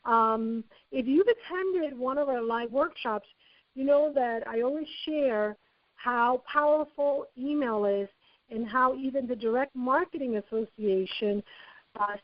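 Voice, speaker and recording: A woman with a fairly high voice teaches a screen-share software lesson, chatting her way through every step. The sound is dry and a little dull, with no room around it. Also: no room sound. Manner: chatty, walks through each step aloud. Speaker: marketing trainer.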